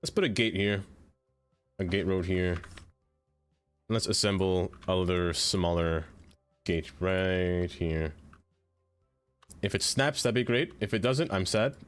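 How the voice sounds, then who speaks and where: Unhurried man narrating his city build. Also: deep voice, clear, resonant tone, faint music behind. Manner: chatty, talks to the game and to chat. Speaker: streamer. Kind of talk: live gameplay commentary.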